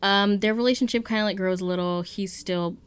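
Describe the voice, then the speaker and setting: A woman's voice: medium pitch, steady tone, brisk, clear, resonant tone. A young woman casually retelling a book's plot, rambling with lots of fillers. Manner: rambling, full of "like" and "um". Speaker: guest book reviewer.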